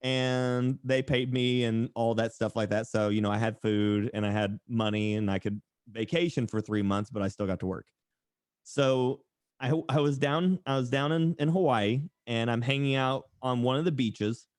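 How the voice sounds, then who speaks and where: A man's voice: medium pitch, normal speed, no echo, studio quality. A man from East Tennessee with a faded Southern accent, a podcast guest telling sarcastic stories and acting out the people in them. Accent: Southern American, mostly faded. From East Tennessee, USA. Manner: animated storyteller, sarcastic, acts out quoted people. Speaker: podcast guest, tattoo artist and streamer. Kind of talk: casual interview storytelling.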